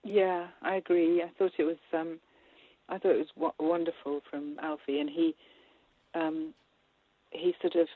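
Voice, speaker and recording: A woman film director talking in an interview, animated and laughing, with many restarts. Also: deep voice, normal speed, long pauses, no echo. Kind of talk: interview conversation. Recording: tinny phone-line sound.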